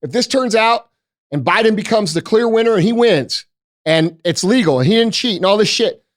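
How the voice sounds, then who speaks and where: An American man hosting a podcast, delivering a forceful, profane rant full of rhetorical questions into a studio mic. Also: high voice, lively intonation, normal speed, no room sound. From United States. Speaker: podcast host. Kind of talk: ranting podcast monologue.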